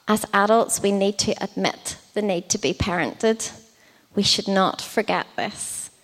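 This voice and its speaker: A woman's voice: mid-range voice, unhurried. A woman preaching a sermon in a conversational way, with frequent ums and likes. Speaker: children's ministry leader preaching. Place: church hall. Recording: long church hall reverb.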